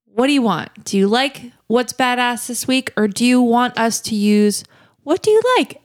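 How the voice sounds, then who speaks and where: A woman's voice: on the high side, steady tone, normal speed. A woman co-hosting a podcast in easygoing casual chat. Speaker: podcast co-host.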